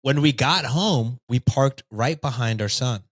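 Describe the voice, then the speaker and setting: A man's voice: medium pitch, measured pace, no room sound. A man hosting a podcast, reading a story aloud and breaking off for jokey asides. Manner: lively, reads with jokey asides. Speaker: podcast host reading stories.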